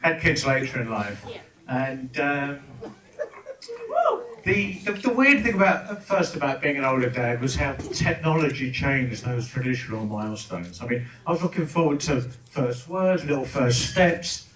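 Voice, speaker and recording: A man's voice: mid-range voice, animated, unhurried, a bit bright. An older man performing a stand-up comedy set, telling stories in a wry, sardonic way. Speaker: stand-up comic. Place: comedy club lounge. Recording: echoey club, distant, noisy.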